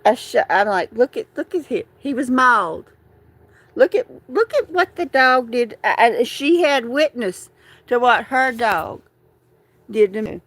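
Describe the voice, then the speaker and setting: A woman, talking through grief on a live stream, halting and repeating herself, tearful at times. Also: on the high side, animated, fairly bright tone, dry recording, poor audio. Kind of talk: emotional live stream chat.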